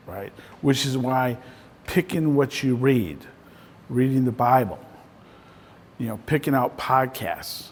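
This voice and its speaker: Speaking slowly with long pauses, a man in the role of a real estate coach chats casually with a small group, frequently ending his points with "right?". His mid-range voice is animated, and the room is reverberant.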